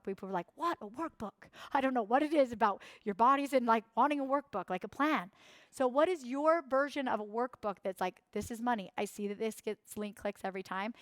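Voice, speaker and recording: A woman's voice: a little high, a bit bright, no room sound. A young woman leading a coaching workshop, speaking emphatically, repeating key phrases and acting out the voices of others. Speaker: workshop instructor.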